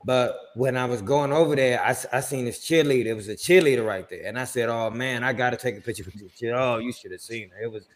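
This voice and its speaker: A man co-hosting a podcast, sitting at an ordinary middle pitch. He tells stories with a lot of energy, and his voice jumps high whenever he acts out what he said. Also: quick pace, hardly any pauses. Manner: animated storyteller, pitch jumps on quoted lines. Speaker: podcast co-host. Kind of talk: casual chat, storytelling.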